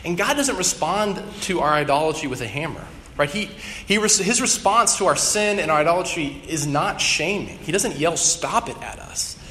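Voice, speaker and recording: A man's voice: on the high side, lively intonation, moderate pace, pushed and bright. A young adult man preaching a conversational sermon with casual ums and restarts. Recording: long hall reverb, faint room noise.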